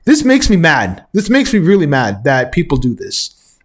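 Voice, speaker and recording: A man hosting a reaction commentary, ranting indignantly and correcting himself with quick chuckles. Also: a little high, very animated. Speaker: commentary host.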